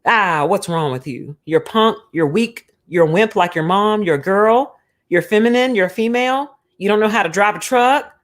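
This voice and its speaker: Brief: woman doing a brash, taunting macho dad, loud and swaggering. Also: mid-range voice, normal speed, lightly acted. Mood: goading. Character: reckless macho father goading his son.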